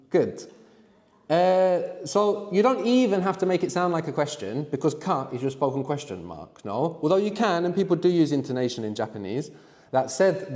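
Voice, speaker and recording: A man teaching a live language workshop, explaining slowly and prompting his students to answer. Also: medium pitch, a little mellow, big-room sound. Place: room with students.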